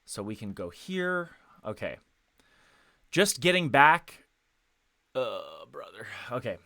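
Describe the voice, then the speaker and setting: Very animated but slow, this man's mid-range voice is bright and forceful, with no echo. He's streaming a video game on a headset, offering rambling, casual commentary to viewers full of fillers, restarts, and self-corrections.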